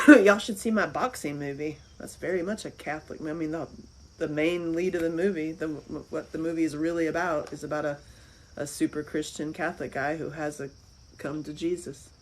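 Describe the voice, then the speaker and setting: A woman talking as an interview guest in casual chat. She is animated, laughs often and repeats phrases. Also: low-pitched, normal speed, slight background noise, rough recording. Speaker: interview guest, filmmaker and author.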